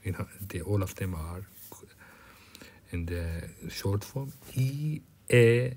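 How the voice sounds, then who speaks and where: A man's voice: low-pitched, expressive, slow pace, darkish tone. A man whose first language is Persian, teaching German vocabulary in English, with many fillers and restarts. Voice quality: drops to a whisper at times. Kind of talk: recorded German lecture.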